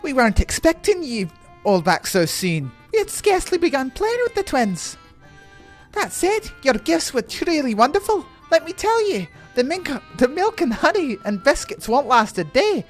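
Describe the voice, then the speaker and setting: Mischievous pixie, put on by a male streamer: British lilt, swooping pitch. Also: sing-song, moderate pace, faint music behind. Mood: sweet. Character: playful mischievous pixie, high fairy voice. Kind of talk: reading game dialogue aloud on stream.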